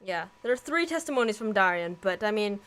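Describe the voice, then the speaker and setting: A woman co-streaming a game, chatting casually and unhurried. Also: medium pitch, sing-song, a bit bright. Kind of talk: casual let's-play chat.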